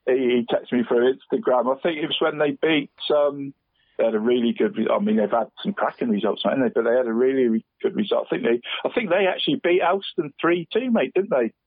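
A man's voice: mid-range voice, quick pace, no echo. Chatty man saying mate constantly, tinny line. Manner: chatty, says "mate" constantly, laughs often. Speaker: co-host picking team of the week. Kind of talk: casual sports chat. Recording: dry tinny phone-line sound.

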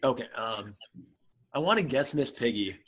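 A man answers trivia questions in casual chat, hesitating and thinking out loud. His voice is bright and very animated. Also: mid-range voice, moderate pace. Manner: hesitant, thinks aloud with fillers and restarts. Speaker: quiz contestant.

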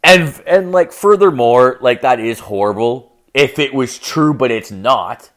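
A man's voice: medium pitch, lively intonation, unhurried. A young man telling a profane, rambling story as a rant, full of fillers and crude asides.

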